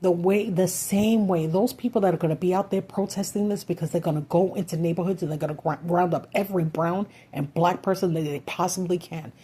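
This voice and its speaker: A woman's voice: on the low side, a little fast, few pauses, warm tone, breathy edge. A woman vlogger delivering an urgent, frustrated rant to her viewers, full of rhetorical questions and swearing. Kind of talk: impassioned political rant.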